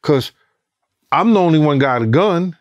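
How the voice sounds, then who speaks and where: A middle-aged man recounts a night in a casual interview, his voice sitting a touch high for a man. He talks in an animated, profane way and acts out the voices of others and gunshot sounds. The sound is dry and close, with no room echo. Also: normal speed, lo-fi sound. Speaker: former bodyguard telling a story.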